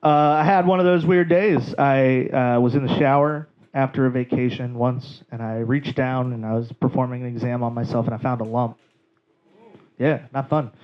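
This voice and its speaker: A male stand-up comedian telling a story on stage in a comedy club, in an animated, profane way, slipping into quoted voices. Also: medium pitch, normal speed. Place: comedy club stage before a live audience. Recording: dull live club recording with audience laughter.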